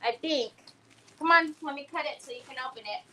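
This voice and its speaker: A woman's voice: high voice, fairly quick, sharp tone. A woman hosting a crafting livestream in casual chat, playfully teasing and fondly scolding a pet while she works.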